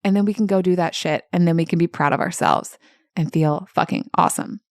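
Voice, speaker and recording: A woman coach hosts her podcast alone in a candid, animated way, with frequent "like"s and casual swearing. Her voice sits low with a gravelly fry. The sound is close and dry. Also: fairly quick, dry recording. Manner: candid, animated, swears freely, says "like" often. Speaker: life coach and podcast host. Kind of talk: casual solo podcast talk.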